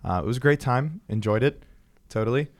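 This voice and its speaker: A man's voice: medium pitch, a little fast. A young man hosting a casual podcast chat, upbeat and joking, with lots of ums. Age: young adult. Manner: upbeat, joking, many fillers. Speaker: podcast host.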